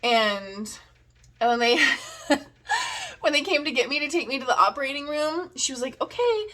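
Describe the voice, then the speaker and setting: A woman's voice: medium pitch, fairly bright tone. A young adult woman telling a personal story in a casual vlog, chatty and giggly, with lots of "like" and self-mocking asides. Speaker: vlogger.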